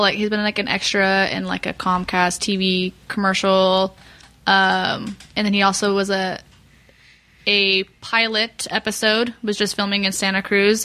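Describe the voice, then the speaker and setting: Brief: woman from Idaho, podcast guest, bright, chatty. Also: mid-range voice. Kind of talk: casual chat.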